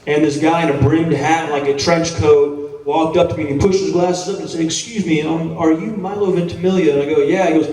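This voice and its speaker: A man's voice: on the high side, fairly even intonation, quick pace, darkish tone, recorded from a distance. Laid-back man talking in an echoey hall. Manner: laid-back, chatty, self-deprecating, swears casually. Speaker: actor answering fan questions on a panel. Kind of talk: casual storytelling Q&A. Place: large convention hall. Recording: echoey hall, mic picked up from afar.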